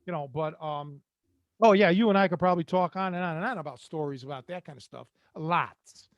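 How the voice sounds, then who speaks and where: Older man, host. Streetwise storyteller, higher than typical pitch, dry close-mic sound. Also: brisk, no echo, highs cut off. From Cleveland, Ohio. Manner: rambling, streetwise, quotes others in voices. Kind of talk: casual storytelling.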